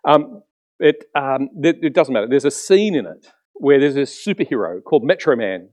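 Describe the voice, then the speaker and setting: A pastor delivering a sermon in a lively, wide-ranging voice that rises and falls sharply. He tells stories with many restarts, acts out little voices, and talks straight to his listeners with questions. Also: medium pitch, normal speed. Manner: animated storytelling with frequent restarts, acting out voices; addresses the congregation directly with questions.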